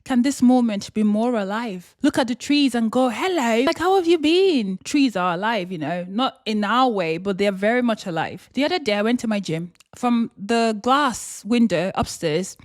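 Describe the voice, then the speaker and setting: A young adult woman giving a casual motivational vlog monologue, animated, breaking into exaggerated excited voices and laughter. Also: medium pitch, normal speed, hardly any pauses, dry recording, studio quality. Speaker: lifestyle vlogger.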